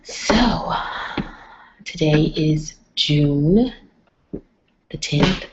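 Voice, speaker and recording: A woman vlogger streams live at night from home while others sleep, speaking hushed and slow in a lower voice, often near a whisper. She mixes casual chat with motivational talk, picked up by a computer mic, so the stream audio sounds dull, muffled, and lo-fi.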